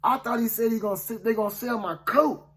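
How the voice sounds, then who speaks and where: A man's voice: extremely high pitch, fast, fairly bright tone. Folksy man retelling a Bible story. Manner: folksy, conversational, often asks "you know what I'm saying". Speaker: preacher. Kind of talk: casual first-person Bible storytelling.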